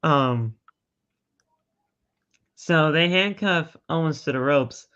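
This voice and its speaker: A man co-hosting a podcast, retelling a wrestling match in an animated play-by-play way. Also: fairly high pitch, slow pace, smooth. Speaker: podcast co-host. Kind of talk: casual wrestling recap. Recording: dull lo-fi podcast audio.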